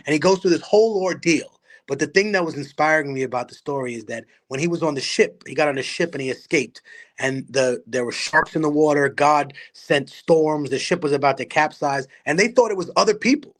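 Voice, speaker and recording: A man's voice: mid-range voice, moderate pace, fairly bright tone. A man from Peru talks as a podcast guest. He speaks with passion and mixes blunt, profane asides into his storytelling. His tone stays conversational throughout. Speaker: guest, rapper and activist.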